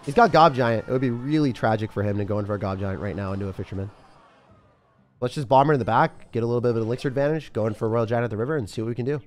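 A young man giving live commentary as he plays a mobile game, thinking aloud and breaking into sudden excited yelps. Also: medium pitch, rapid-fire. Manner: excitable, talks to himself while playing, sudden yelps. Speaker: game streamer.

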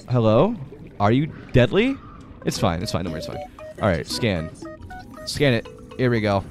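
Young male streamer, excitable and tired, lively pitch, faint game music behind. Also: normal speed, long pauses. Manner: excitable, swings between mumbling and shouting. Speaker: gaming streamer. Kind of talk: live-streamed gameplay commentary.

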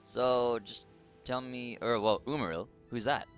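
A man's voice: mid-range voice, a little slow, soft background music. Wry man joking through a game. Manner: wry, joking, talking back to game characters. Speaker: let's play host. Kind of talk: casual game commentary.

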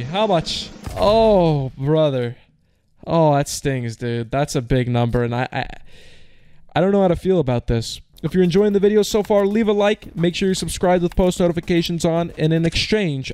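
A young man in his twenties giving excitable, casual commentary as he plays an online slot, groaning at losses and shouting at wins. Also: fairly high pitch. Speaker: slot streamer.

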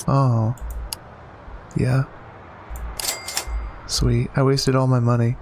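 A man hosting a casual let's-play, chatting to himself and reading game text aloud with excited exclamations. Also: mid-range voice, extremely slow, pauses often, noisy background. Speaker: gaming channel host.

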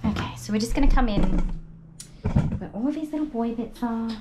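A woman's voice: fairly high pitch, fairly quick, very noisy. Soothing woman groomer, echoey room. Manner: soothing, repetitive praise, chatty. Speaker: dog groomer. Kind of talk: talking to a dog while grooming, asides to viewers. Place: grooming salon. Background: electric clippers buzzing.

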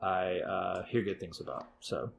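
A man's voice: low-pitched, measured pace, gravelly. A man hosting a casual board game podcast, talking enthusiastically and rambling with many fillers. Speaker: podcast host.

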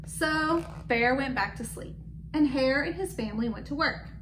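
High-voiced woman reading aloud to children. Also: moderate pace, noisy background. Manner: gentle, asks the listening children questions. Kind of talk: children's book read-aloud. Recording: echoey room with faint background.

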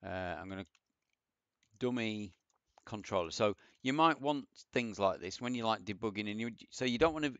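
A man's voice: fairly low pitch, expressive, normal speed, a bit bright, no echo. A man casually thinking aloud through a programming tutorial, rambling and self-deprecating as he types. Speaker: programming teacher. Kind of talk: casual coding tutorial with screen share. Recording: dull, lo-fi dry mic.

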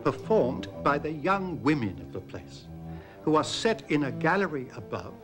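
Male voice as 18th-century English visitor, animated delivery, music underneath. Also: on the high side, normal speed. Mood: descriptive. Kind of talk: documentary quote reading.

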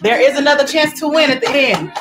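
A woman's voice: sits high, a little fast, over music, low-quality recording. A woman hosting a virtual paint party in a playful way, cheering and teasing her guests. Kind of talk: lively live event hosting.

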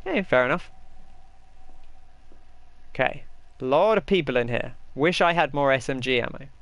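A man's voice: mid-range voice, lively intonation, normal speed, a bit bright, dry recording. A young man giving casual, rambling commentary while he plays a game and answers viewers' chat. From England. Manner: chatty, rambling, reads chat aloud. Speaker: gaming streamer.

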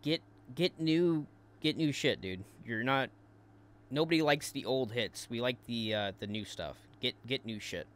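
A man hosting a commentary show, taunting and crude, tripping into quick repeated words as he mocks. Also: medium pitch, lively intonation, a bit bright. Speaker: commentary host. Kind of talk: mocking commentary.

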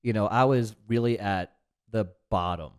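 A man with a lowish, clear, resonant voice speaks at normal speed. He's a business owner appearing as a podcast guest in a casual interview, talking earnestly and reflectively about his own life.

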